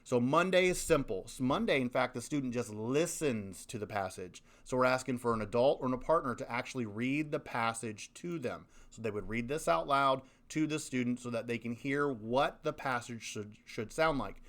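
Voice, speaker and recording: A male school principal with a mid-pitched voice talks parents through a reading program. He speaks emphatically, leaning on key words and repeating them for effect. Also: normal speed, few pauses, fairly bright tone.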